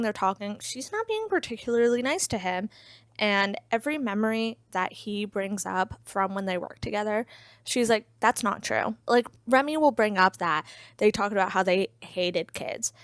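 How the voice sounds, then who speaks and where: Woman book reviewer, mid-pitched voice, chatty recap style, close dry sound. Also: smooth, dry recording. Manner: chatty, frequent "like" fillers, wry asides. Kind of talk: casual plot recap.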